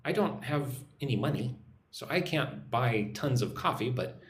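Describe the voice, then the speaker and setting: Upbeat American man hosting an English lesson live; lively pitch, echoey room with a low hum. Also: normal speed. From United States. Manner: upbeat, reads viewer names aloud, models phrases to repeat. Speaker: English teacher live streaming. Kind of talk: casual live-stream lesson, reading chat comments. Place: home in a Vietnamese city.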